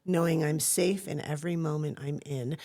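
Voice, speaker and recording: A woman's voice: low voice, fairly even intonation, normal speed, warm tone. A woman talking as an interview guest, an acting teacher who tells personal stories in an earnest, reflective way and acts out the voices she quotes.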